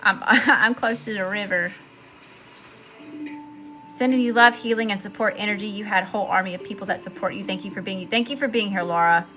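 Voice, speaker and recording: A woman from Mississippi hosting a spiritual livestream, giving effusive shout-outs to viewers in casual chat. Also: medium pitch, a little fast, faint music behind. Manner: effusive, warm shout-outs with lots of "y'all".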